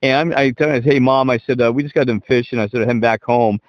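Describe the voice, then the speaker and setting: A man's voice: mid-range voice, steady tone, quick pace, dry recording, rough recording. A middle-aged man telling a story in casual chat as a podcast co-host, rambling and swearing and laughing as he goes.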